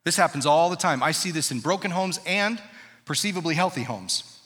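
A man's voice: fairly high pitch, expressive, brisk, bright, forceful tone. A man in his thirties preaching a sermon as pastor, talking conversationally and quizzing the congregation in a large church auditorium. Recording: reverberant church hall.

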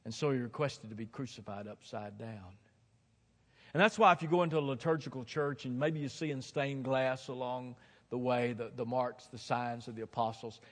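A man preaching a sermon from a platform, swinging dramatically from hushed tones to shouting and hammering points home with emphatic repetition. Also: mid-range voice. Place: large hall, speaking from a platform. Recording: long hall reverb.

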